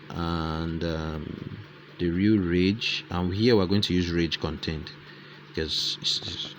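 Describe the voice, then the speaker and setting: A man talks through a tutorial in a deep voice. He speaks slowly, repeating phrases and calling out punctuation as he types. Faint background noise sits under his voice. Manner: thinks aloud, repeats phrases, dictates punctuation. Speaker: tutorial host. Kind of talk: casual screen-recorded tutorial.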